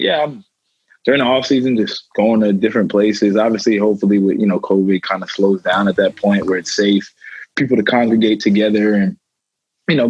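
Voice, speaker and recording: A man's voice: on the low side, slightly rough, no echo, highs cut off. A young American man, a football player and rapper, chatting casually as a guest with lots of fillers. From United States. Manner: relaxed, laughing, many fillers like "you know". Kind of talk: casual interview chat.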